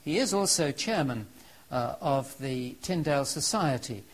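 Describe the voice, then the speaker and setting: Male lecturer with a slightly raised pitch, earnest and emphatic, telling history to an audience. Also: animated, unhurried, low-quality recording. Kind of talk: historical lecture with dramatic readings.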